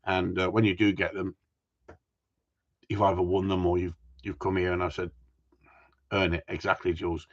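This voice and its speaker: A man's voice: deep voice, level tone, moderate pace, pauses often. A man hosting a live stream in a casual, jokey way, teasing viewers and reading their comments aloud. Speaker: host of a gundog group live stream. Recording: dull lo-fi sound.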